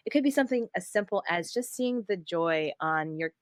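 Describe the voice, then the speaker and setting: A middle-aged woman hosting a faith podcast, telling a personal story in an earnest, heartfelt way with soft fillers. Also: fairly low pitch, expressive, brisk, dry recording. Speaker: podcast host. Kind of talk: casual faith podcast conversation.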